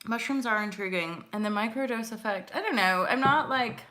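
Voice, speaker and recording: A woman's voice: fairly high pitch, expressive, a little fast, bright, forceful tone. A woman hosting a casual live stream with tarot readings, rambling and chatty, swearing lightly and laughing often. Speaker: host doing live intuitive tarot readings.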